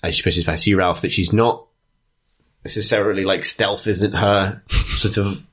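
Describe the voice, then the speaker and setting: Low husky male game master, hesitant narration. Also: fairly even intonation, measured pace, fairly bright tone. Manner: hesitant, many ums.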